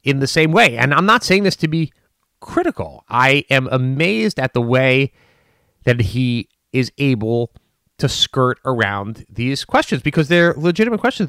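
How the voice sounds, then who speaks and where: A man giving unscripted political commentary, animated and emphatic, with frequent restarts and fillers. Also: mid-range voice, dry recording, studio quality.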